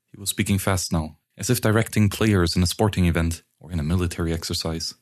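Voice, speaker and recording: Low-voiced guy reading a novel aloud, steady pace. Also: fast talker, hardly any pauses. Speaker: narrator. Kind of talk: audiobook narration.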